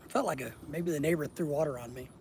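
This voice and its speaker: A man with a fairly high, gravelly voice chats on a casual outdoor live stream at night. He reads viewer comments aloud and answers them with blunt, profane teasing. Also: fast talker, darkish tone, slight background noise, low-quality recording.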